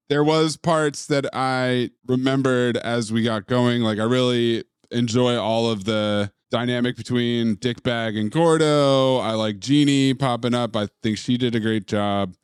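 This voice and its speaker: A man's voice: medium pitch, clear, resonant tone, no room sound, clean studio sound. A man co-hosting a film podcast, wryly running through favorite scenes and his verdict. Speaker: podcast co-host. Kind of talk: casual film review chat.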